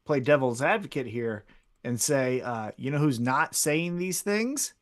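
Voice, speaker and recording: A man co-hosting a casual wrestling podcast, chatty and halting, with sarcastic asides. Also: medium pitch, expressive. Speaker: podcast co-host.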